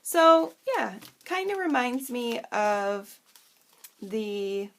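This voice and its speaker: Bubbly woman with a gravelly voice. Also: fairly high pitch, very animated, very slow. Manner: rambling, often loses her train of thought; bubbly and self-deprecating. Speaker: craft channel host. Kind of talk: chatty crafting tutorial.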